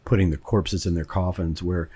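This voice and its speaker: Talking over his movie in a conversational, meandering way, a director from Kentucky, USA, repeats words as he thinks aloud. His voice sits low with fairly even intonation, mellow and a touch rough, at a moderate pace.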